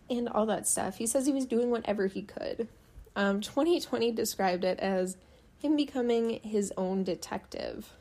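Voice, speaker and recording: A woman's voice: medium pitch, warm tone. A young woman hosting a true-crime podcast, talking casually with fillers and dry sarcasm. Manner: sarcastic, chatty, frequent fillers. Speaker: podcast host.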